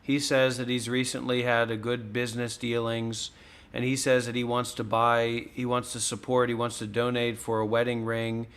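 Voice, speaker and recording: A man's voice: medium pitch, level tone, moderate pace, fairly bright tone, smooth. A man hosting a casual stream, pressing with insistent, pointed questions. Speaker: host. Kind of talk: casual livestream chat.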